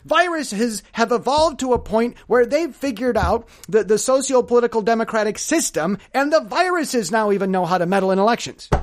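A man hosting a solo podcast, telling a rambling story with sarcasm and lots of stammered restarts. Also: very high voice. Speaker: podcast host.

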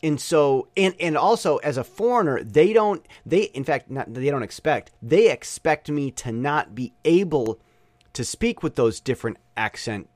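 A man's voice: on the high side, animated, a little slow, darkish tone, no echo. A man, talking in a rambling, opinionated monologue full of restarts. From United States. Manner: rambling, self-correcting, opinionated. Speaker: language learner abroad. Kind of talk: casual monologue.

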